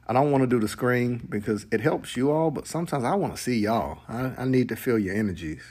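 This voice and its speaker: A man preaching a sermon to a live congregation, animated and playful, mixing slang and laughter into his teaching. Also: mid-range voice, brisk, breathy edge. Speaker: pastor. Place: church sanctuary with congregation.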